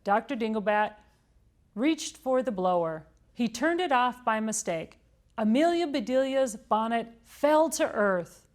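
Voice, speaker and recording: A woman reading a children's picture book aloud for storytime. Her narration is clear and gentle, with a fairly high voice. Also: lively intonation, measured pace. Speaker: storytime reader.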